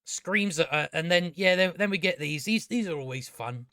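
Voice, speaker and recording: A man's voice: fairly high pitch, expressive, moderate pace, pushed and bright, no room sound, clean studio sound. A man ranting sarcastically as he reviews a show, swearing a lot and mocking the characters. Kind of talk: casual profane rant.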